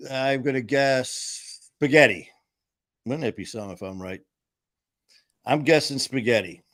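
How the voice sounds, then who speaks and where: A man's voice: mid-range voice, a little slow, fairly bright tone, no room sound, clean studio sound. A man hosting a casual live-stream chat, rambling and jokey, acting out quotes as he tells stories. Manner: jokey, rambling storyteller who acts out quotes. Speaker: host.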